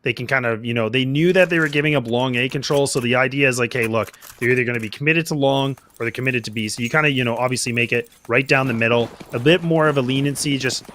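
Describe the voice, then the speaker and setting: A man's voice: mid-range voice, a bit bright. A man giving analytical color commentary on a competitive shooter match, with lots of fillers and restarts. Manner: quick, analytical, many fillers.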